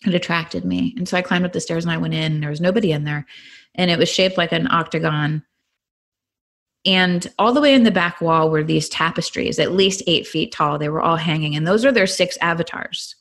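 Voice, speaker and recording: A middle-aged Californian woman appears as a guest in a podcast interview, sharing her personal testimony earnestly and with animation. Her voice is fairly low and her pace brisk.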